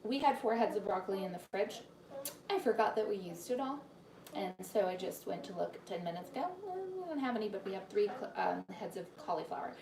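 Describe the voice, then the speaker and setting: A woman's voice: mid-range voice, brisk, vocal fry, roomy sound, far from the mic, a crowd in the background. A woman hosting a live cooking demonstration from her home kitchen, chatting to viewers and greeting them by name as she explains each step. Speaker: cooking demo host and cookbook author.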